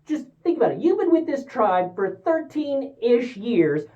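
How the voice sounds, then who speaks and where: A woman giving a casual spoken movie review, exasperated and sarcastic, acting out characters' lines in quick asides. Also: on the high side, big pitch swings, warm tone. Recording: tinny phone-like sound.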